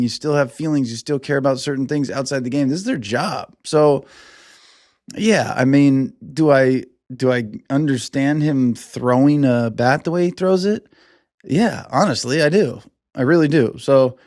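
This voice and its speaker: A man hosting a sports podcast in casual, profane commentary, acting out players in quick put-on voices. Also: medium pitch, a little mellow, dry recording, clean studio sound. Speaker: podcast host.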